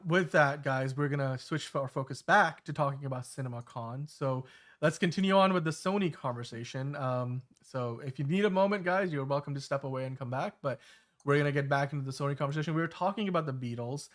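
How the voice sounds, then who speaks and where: A man's voice: a little high, a little fast, a bit bright. A man in his thirties hosting a casual podcast chat, talking in a rambling way with many fillers and restarts. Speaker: show host.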